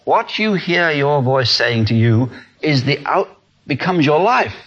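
Animated man preaching a sermon. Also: fairly high pitch, measured pace. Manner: earnest, animated, acts out inner voices. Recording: dull lo-fi sound.

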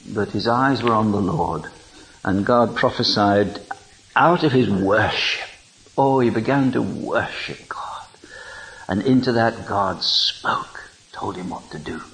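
A man preaching an informal sermon, reading scripture aloud in an animated, digressive way and chuckling between lines. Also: lowish voice, slight background noise, rough recording.

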